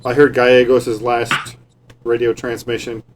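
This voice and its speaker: A man's voice: medium pitch, flat delivery, a little slow, background noise. A man, an army veteran, chatting in a laid-back way and adding details to a shared memory, swearing casually. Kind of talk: casual chat.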